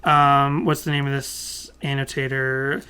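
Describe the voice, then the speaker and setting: A young man co-hosting a podcast in casual chat, rambling at length, talking loudly and laughing often. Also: medium pitch, level tone, measured pace, clean tone. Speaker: podcast co-host.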